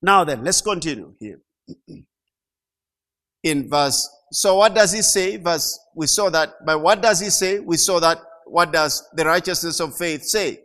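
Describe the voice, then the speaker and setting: A middle-aged man preaching a sermon, slow and emphatic, repeating key phrases and rising to loud peaks. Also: on the high side. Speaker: pastor.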